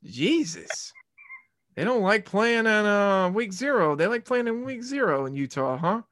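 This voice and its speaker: A man's voice: high voice, expressive, a little slow, fairly bright tone, a little hiss or hum. A man hosting a casual sports podcast, rambling and joking, ranting and swearing as he goes. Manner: rambling and jokey, swears and rants. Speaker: podcast host.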